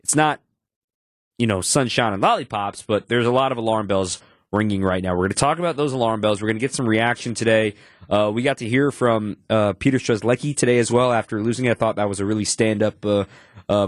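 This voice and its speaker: A man hosting a sports talk show, stuffed up from allergies, talking in an animated and emphatic way that repeats points for stress. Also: lowish voice, fast talker, no room sound, clean studio sound. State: congested from allergies. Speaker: podcast host.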